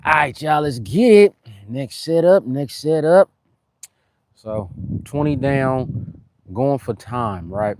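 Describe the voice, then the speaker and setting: A young man from California with a Californian accent, chatting in slang during a live-stream workout and giving shout-outs to viewers, a little short of breath between sets. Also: medium pitch, animated, takes it slowly, long pauses. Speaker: fitness streamer.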